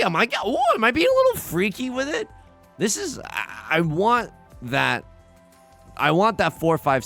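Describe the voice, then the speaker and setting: A young man talks casually over a game, his pitch jumping up and down as he tells stories and breaks off mid-sentence to restart. He laughs at his own jokes and slides between anecdotes and play-by-play. Faint music plays underneath. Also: vocal fry, sharp tone. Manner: rambling storyteller, self-interrupting, laughs at his own stories. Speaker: let's play host. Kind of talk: casual gameplay commentary.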